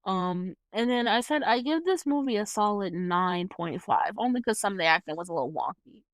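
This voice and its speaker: A woman's voice: medium pitch, a little fast, no room sound. A young woman casually recapping a movie on her show, acting out the scenes with lots of laughs and some swearing. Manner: animated retelling, acts out scenes, laughs often; swears freely. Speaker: host reviewing a movie. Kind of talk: casual solo commentary.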